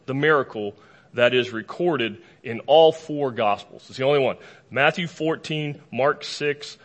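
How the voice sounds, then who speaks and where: A man preaching a sermon to a live congregation in a lively, conversational way, with casual asides and humor. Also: mid-range voice. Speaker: pastor.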